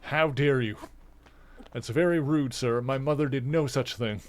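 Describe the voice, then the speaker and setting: A man's voice: medium pitch, measured pace, pitched above the performer's own voice, natural voice. A man voicing his pet cat as a prim, offended male cat who scolds him for rudeness. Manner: huffy, scolding.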